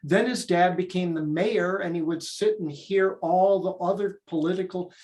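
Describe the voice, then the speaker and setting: A man's voice: high voice, moderate pace. An older man, a theater director, telling eager stories as an interview guest. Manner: eager, animated storyteller.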